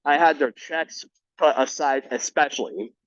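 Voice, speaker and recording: A man reading a memoir aloud for a book club, stumbling and restarting words and saying the quote marks out loud. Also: fairly high pitch, moderate pace, no echo. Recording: dull lo-fi recording.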